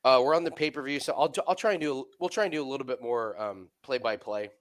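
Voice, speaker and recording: A man co-hosting a live sports betting stream over a video call, chatty and quick to laugh. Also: medium pitch. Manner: laughs often, loose and excited. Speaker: co-host.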